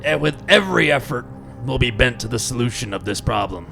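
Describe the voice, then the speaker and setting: A man playing a stern starship captain in a radio drama, speaking in a deliberate, commanding way. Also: medium pitch, lively intonation, vocal fry, pushed and bright, soft background music, full character voice.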